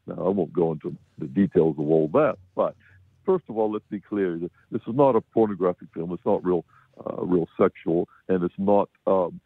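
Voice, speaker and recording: An American man talks through a film review in a loose, rambling way, chuckling between his points. His voice sits low and comes over a dry, tinny phone line. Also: dry recording. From United States. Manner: rambling, chuckling, many restarts. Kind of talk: casual radio film review.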